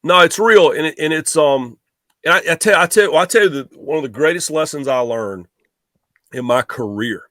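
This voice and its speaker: A middle-aged man, a sportswriter guest, telling stories in a rambling, animated way with many restarts. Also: a little high, normal speed, no room sound, clean studio sound. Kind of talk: casual storytelling.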